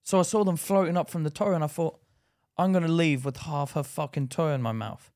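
A man's voice: fairly high pitch, fairly quick, a little mellow. A man co-hosting a podcast in casual chat, swearing freely and acting out his own thoughts as he tells stories. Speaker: podcast co-host.

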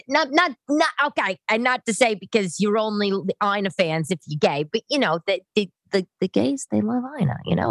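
A woman's voice: lowish voice, dry recording. A middle-aged woman hosting a podcast from her living room, talking in a chatty, rambling way that wanders off on tangents. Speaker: podcast host. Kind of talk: casual monologue.

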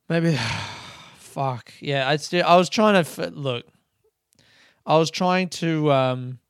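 A man's voice: on the high side, smooth, no echo. A young adult man hosting a casual solo podcast, ranting and sardonic, swearing freely, close to the mic. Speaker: podcast host. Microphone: close studio mic.

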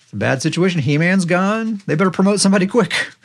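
A man co-hosting a podcast, casually retelling scenes in a relaxed storytelling way with quick quoted lines. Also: sits high. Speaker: podcast co-host. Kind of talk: casual recap chat.

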